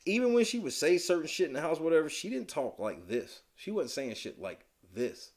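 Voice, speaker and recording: Very animated and brisk, a male co-host delivers frank, profane reality TV commentary packed with slang in a casual podcast chat. He alternates between low grumbles and loud, heated rants.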